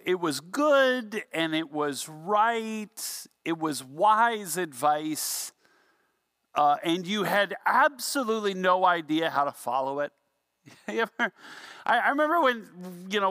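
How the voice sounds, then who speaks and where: Middle-aged man, pastor, conversational sermon, sharp bright tone, wry self-deprecating humor. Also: on the high side, no room sound, studio quality.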